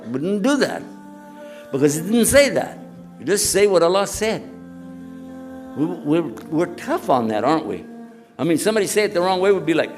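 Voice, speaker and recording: A man preaching to a live audience in an animated, conversational way, often throwing questions back at the room. His voice sits a little high and swings widely in pitch. Soft music plays faintly underneath. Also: normal speed. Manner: animated, chatty, quizzes the audience. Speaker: Islamic preacher. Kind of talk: lively lecture to a live audience.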